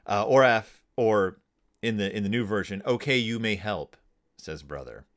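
A man hosting a podcast, casually talking through a children's book with frequent restarts and fillers. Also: fairly low pitch. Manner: lively, halting with many restarts and fillers. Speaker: podcast host.

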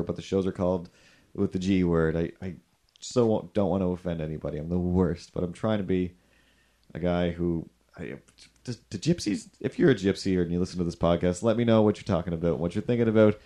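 A male podcast host chatting casually in a fairly low voice. He rambles and jokes, often putting himself down as he goes. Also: steady tone, fast talker, dark tone. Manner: rambling, jokey, self-deprecating. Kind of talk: casual chat.

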